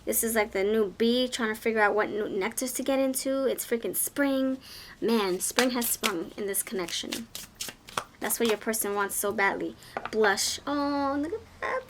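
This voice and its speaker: A woman's voice: a little high, a little hiss or hum. A woman giving a pick-a-card tarot reading, talking in an effusive, exclaiming way and often repeating her words. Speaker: tarot reader.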